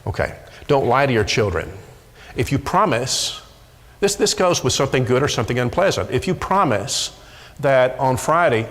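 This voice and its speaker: A man's voice: medium pitch, animated, normal speed. A middle-aged man preaching a sermon emphatically, often repeating words as he presses a point. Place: church sanctuary. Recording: echoey church hall.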